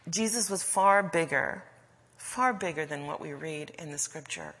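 A woman preaching a sermon, slow and deliberate, with soft trailing endings. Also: sits low, long reverb tail.

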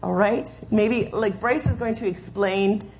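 A woman's voice: mid-range voice, measured pace, darkish tone, soft background music. A woman leading a children's sermon in a church, patiently explaining and giving step-by-step instructions. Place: church sanctuary.

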